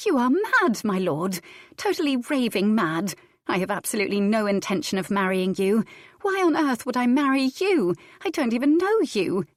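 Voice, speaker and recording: A woman's voice: mid-range voice, expressive, moderate pace, no echo, clean studio sound, pitched above the performer's own voice, natural voice. A woman voicing a proud, indignant young noblewoman in an audiobook, haughty and snapping.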